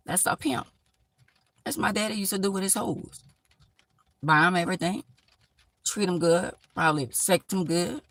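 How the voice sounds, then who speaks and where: Gravelly, blunt woman live-streaming. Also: deep voice, no room sound. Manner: blunt, emphatic, preachy street-talk. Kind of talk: casual live-stream monologue giving life advice.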